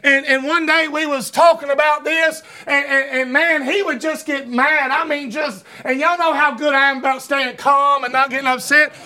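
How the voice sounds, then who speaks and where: A man preaching a fervent sermon, often shouting and stumbling over repeated words. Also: extremely high pitch, fairly even intonation, moderate pace, few pauses.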